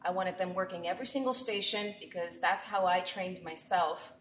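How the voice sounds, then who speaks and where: A woman's voice: on the low side, moderate pace, fairly bright tone, a little hiss or hum. A middle-aged woman chef talking through a live-streamed cooking session, chatty and talkative. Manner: talkative, chatty, thanks viewers often. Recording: echoey room.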